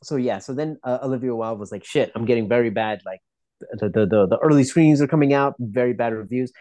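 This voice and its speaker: A man's voice: medium pitch, fast, dry recording. A man telling celebrity gossip in casual chat, rambling and swearing often with many restarts. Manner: profane, rambling, animated storytelling with restarts.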